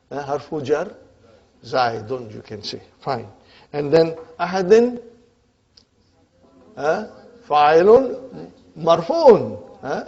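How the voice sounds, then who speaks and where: A man's voice: fairly high pitch, darkish tone, husky. A male Arabic teacher giving a classroom grammar lecture, often checking in with his students by asking "huh?" and "are you with me?". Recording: dull lo-fi lecture recording.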